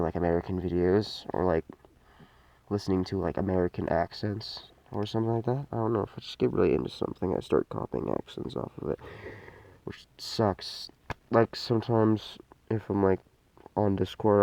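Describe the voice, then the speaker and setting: A low-voiced man with a gravelly edge talks through a toy review in a loose, off-the-cuff way. He rambles, trails off and restarts often, filling gaps with plenty of "uh"s. His tone stays dark and mellow throughout. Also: fairly quick. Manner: rambling, hesitant, many fillers and restarts. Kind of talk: casual unscripted toy review.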